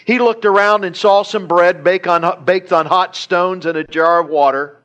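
Male pastor, fairly high voice; animated sermon storytelling with repetition. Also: moderate pace, highs cut off. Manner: animated retelling with chuckles and repetition. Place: church service.

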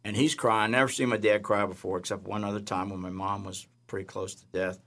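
An animated male storyteller who works as a chaplain and recounts faith stories in an interview. He jumps in pitch as he acts out the other people in each tale. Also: brisk. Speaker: jail chaplain.

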